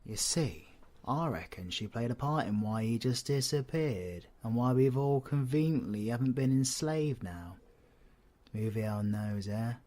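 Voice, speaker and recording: A man's voice: mid-range voice, expressive, a little slow, a little mellow. A British man in a villain audio role-play, talking as a sarcastic, foul-mouthed supervillain. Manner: sneering, sarcastic, swears a lot. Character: sardonic male supervillain.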